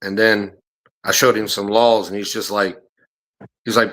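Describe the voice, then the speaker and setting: A man's voice: on the low side, level tone, measured pace, long pauses, fairly bright tone. A middle-aged man, a former bounty hunter, telling profane stories on a podcast and acting out the people he quotes. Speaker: podcast host. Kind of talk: casual storytelling chat.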